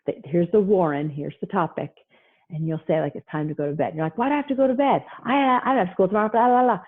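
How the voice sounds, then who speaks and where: Husky woman therapist on a tinny call. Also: deep voice. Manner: lively, acts out child and parent voices. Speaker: therapist giving a parenting talk. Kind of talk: animated online presentation. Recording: husky voice over a tinny phone-like line.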